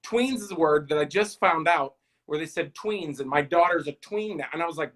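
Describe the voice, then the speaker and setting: A man's voice: fairly high pitch, fairly quick, fairly bright tone, rough recording. Rambling joking man in his thirties. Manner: joking, rambling, self-deprecating, addresses viewers as "guys". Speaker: comedian hosting a live stream. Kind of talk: rambling stand-up style chat.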